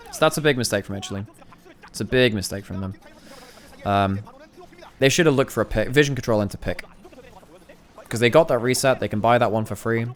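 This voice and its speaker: A man giving a casual, thinking-aloud commentary review of a recorded esports match, restarting phrases as he analyzes plays. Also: mid-range voice.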